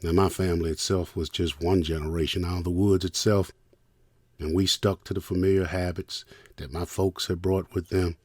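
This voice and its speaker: An older man from Richmond hosting a storytelling podcast, reminiscing in the first person and thanking listeners warmly. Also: sits low, flat delivery, normal speed, no echo, clean studio sound. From Richmond, United States. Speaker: podcast host and producer.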